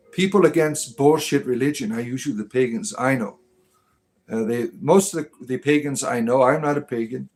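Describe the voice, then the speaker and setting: A man hosting a casual livestream and chatting with his viewers in a rambling, teasing way, full of ums and uhs. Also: mid-range voice. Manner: rambling, teasing, many fillers. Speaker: livestream host.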